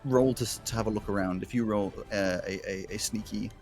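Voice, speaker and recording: A man narrating as game master of a tabletop game, describing action in quick, laughing bursts. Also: lowish voice, fairly even intonation, darkish tone. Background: faint fight music.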